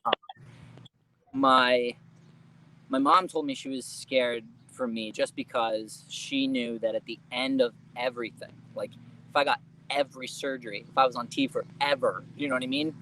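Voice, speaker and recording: A man's voice: mid-range voice, animated, moderate pace, sharp tone, slight background noise, poor audio. Chatty young man telling stories, laughing. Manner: chatty, laughs often, casual swearing. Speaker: interview guest. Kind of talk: casual storytelling interview.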